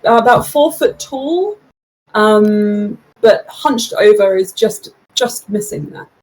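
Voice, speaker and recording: A woman running a tabletop game as game master, narrating scenes in a relaxed, hesitant way with many fillers. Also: mid-range voice, takes it slowly, low-quality recording.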